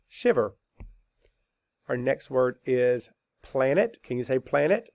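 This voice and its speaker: A male teacher talks at a slow, measured pace through a spelling lesson. He spells each word out letter by letter and answers his own questions patiently. His voice has a gravelly edge, recorded dry and close with no room sound. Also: mid-range voice, expressive, darkish tone, no room sound. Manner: slow, deliberate letter-by-letter dictation.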